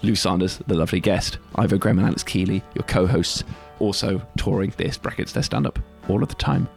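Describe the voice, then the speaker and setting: A man co-hosting a podcast, wrapping up the episode in a quick, wry, self-deprecating way. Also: deep voice, fairly even intonation, creaky, soft background music. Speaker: podcast co-host. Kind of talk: casual podcast sign-off.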